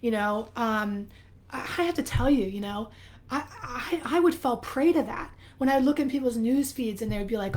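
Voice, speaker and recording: A woman's voice: fairly high pitch, normal speed. A woman hosting a live video, talking candidly and animatedly to her viewers, her voice a little worn, as though she is losing it. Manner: candid, animated, swears casually. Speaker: life coach host. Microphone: phone or webcam, live stream.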